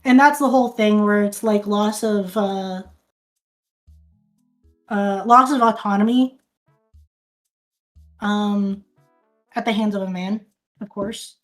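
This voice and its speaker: A woman's voice: mid-range voice, slow pace, long pauses, faint music behind. A woman streamer casually recapping a film, rambling, restarting sentences and swearing often.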